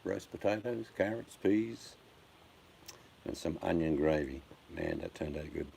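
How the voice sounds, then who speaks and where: Gravelly, deep-voiced Australian man chatting. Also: measured pace, warm tone. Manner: blunt, joking, talks to viewers by name. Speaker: live streamer. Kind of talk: casual live-stream chat. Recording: faint background noise.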